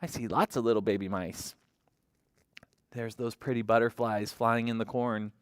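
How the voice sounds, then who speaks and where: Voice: mid-range voice, steady tone, moderate pace, no echo, clean studio sound. A children's librarian reading a picture book aloud to toddlers, imitating animal sounds and asking the children questions.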